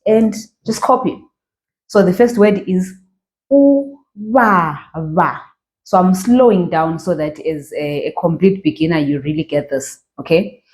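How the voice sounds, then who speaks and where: A language teacher from Zimbabwe, with a lowish, mellow voice at normal speed, leads a beginner reading class as a slow pronunciation lesson. She patiently draws out each model word and checks in with "okay" and "all right."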